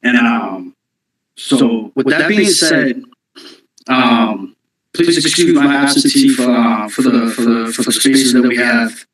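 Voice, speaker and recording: A man talking casually into his phone on a live audio space, out of breath, halting, with many ums and restarts. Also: mid-range voice, fairly bright tone, roomy sound, poor audio. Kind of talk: casual call-in talk.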